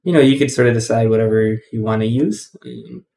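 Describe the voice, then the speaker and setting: A man's voice: mid-range voice, a little fast, creaky, crowd noise. A man hosting a casual coding tutorial, rambling with many ums and self-corrections.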